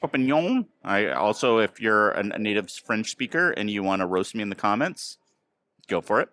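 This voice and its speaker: Low-voiced American man chatting loosely. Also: normal speed, bright, forceful tone, no room sound. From United States. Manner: rambling, filler-heavy storytelling. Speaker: podcast host. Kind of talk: casual chat. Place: outdoors near a train station.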